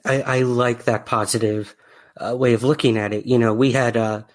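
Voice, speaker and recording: A man's voice: medium pitch, fairly even intonation, moderate pace. A man hosting a podcast interview, friendly, with lots of fillers and restarts as he reads out listener questions. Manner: friendly, hesitant with many fillers. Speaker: podcast host.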